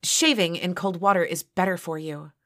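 A woman voicing a bossy young sorority sister who gives orders briskly, in an audio story. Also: lowish voice, fairly bright tone, pitched above the performer's own voice. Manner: brisk, commanding.

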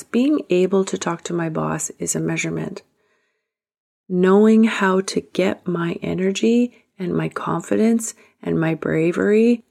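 A woman's voice: fairly low pitch, vocal fry, dark tone. A woman hosting a self-help podcast, speaking earnestly and emphatically, sometimes dropping to a whisper for emphasis. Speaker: podcast host. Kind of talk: motivational self-help talk.

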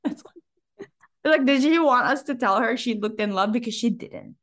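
A woman's voice: sits high, moderate pace. A woman co-hosting a podcast in casual chat, telling stories and acting out what people said. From Asia. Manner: animated storytelling, acting out quotes. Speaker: podcast co-host.

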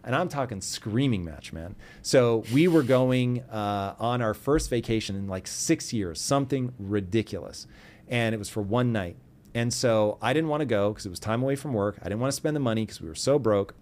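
Intense, animated male podcast guest. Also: fairly low pitch, moderate pace. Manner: animated, acts out both sides of remembered arguments; earnest and intense when giving advice. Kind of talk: personal storytelling in a podcast interview.

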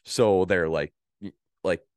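A man's voice: low-pitched, slow pace, a little mellow, dry recording, studio quality. A Canadian man with a Canadian accent, co-hosting a podcast in casual chat, telling stories with animation, laughing easily and swearing. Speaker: podcast co-host.

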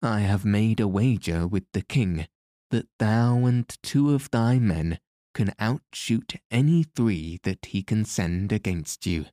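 A man's voice: on the low side, expressive, slow, warm tone, no room sound, clean studio sound. A man voicing an amused, gracious queen in a storybook reading, with archaic courtly speech. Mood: pleading.

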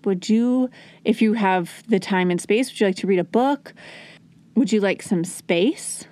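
A woman's voice: mid-range voice, a little slow, a little mellow. A woman hosting a parenting podcast, talking earnestly and coaching, at times acting out soothing words to a child. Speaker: podcast host and parenting educator. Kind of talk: conversational teaching talk.

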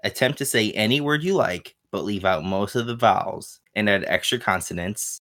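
A man's voice: on the low side, normal speed, fairly bright tone. A man co-hosting a casual gaming podcast, laid-back and hesitant, full of fillers as he recounts his play. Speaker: podcast co-host.

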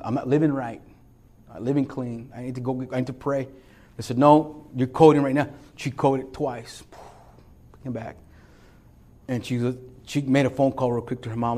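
A man preaching a sermon as pastor, swinging between loud, emphatic calls and hushed storytelling, often repeating and restarting phrases. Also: mid-range voice.

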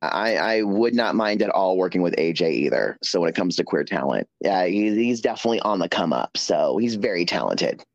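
A man guesting on an interview show, telling stories in a sassy, animated way with lots of quoted dialogue. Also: sits low, fairly quick, vocal fry, hardly any pauses, no room sound, highs cut off. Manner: sassy storytelling, animated quoting. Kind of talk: casual chat.

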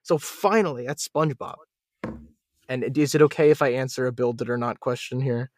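A man talking as a podcast guest in casual chat, opinionated and animated, often laughing between points. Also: medium pitch, brisk, no echo, clean studio sound.

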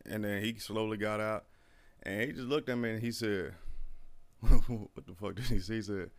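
Brief: man, gravelly low voice, profane animated storyteller. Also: a little slow, long pauses. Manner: profane, animated storyteller who acts out quotes. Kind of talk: casual storytelling chat.

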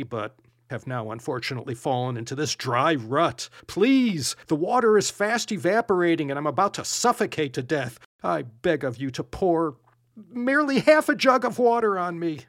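A man's voice: on the high side, sing-song, moderate pace, fairly bright tone, no room sound, pitched above the performer's own voice. A man voicing a desperate little male carp stranded in a dry rut, begging in a breathless, pleading way.

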